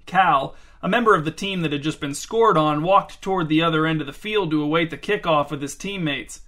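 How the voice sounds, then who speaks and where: A man's voice: fairly high pitch, fairly quick, few pauses, sharp tone. A man reading a story aloud in a dry, wry narration. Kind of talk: scripted narration.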